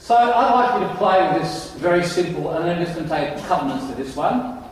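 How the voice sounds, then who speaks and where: Brief: middle-aged male keynote speaker, animated and self-mocking, a little high, echoey and distant in a big hall. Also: fairly quick, a little hiss or hum. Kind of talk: conference keynote storytelling. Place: large conference hall. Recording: echoey hall, mic heard from afar.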